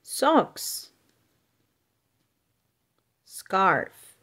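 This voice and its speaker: A woman hosting a storytime channel, reading a children's picture book aloud word by word, with playful animal sounds. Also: fairly bright tone. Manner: names words one at a time with pauses, playful animal sounds.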